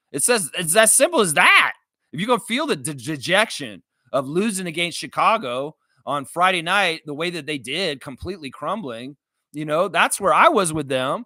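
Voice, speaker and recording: A man's voice: a little high, no echo. A man hosting a live sports reaction stream, ranting with lots of swearing over a close, dry mic. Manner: animated, profane, ranting. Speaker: livestream reaction host.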